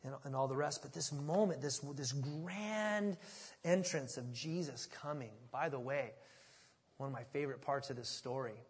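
A man preaching a sermon with animated energy, swinging between loud excitement and hushed asides. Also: mid-range voice, normal speed, slightly rough. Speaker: pastor. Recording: long reverb of a large hall.

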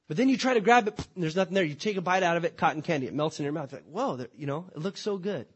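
Husky man preaching a lively sermon. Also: a little high, racing. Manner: impassioned, conversational preaching with rhetorical questions. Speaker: pastor.

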